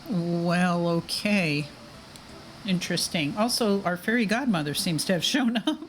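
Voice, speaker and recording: A woman's voice: lowish voice, unhurried, a little hiss or hum. A woman streamer chatting casually while playing a game, with hesitant asides. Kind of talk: casual gameplay chat.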